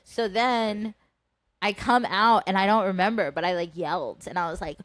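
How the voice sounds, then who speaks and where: A woman in her thirties chatting on a podcast, her voice sitting at an ordinary middle pitch. She tells stories in an animated way, swears freely and slips into the voices of the people she quotes. The sound is close and dry, with no room around it. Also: moderate pace, no echo. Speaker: podcast co-host. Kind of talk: casual storytelling chat.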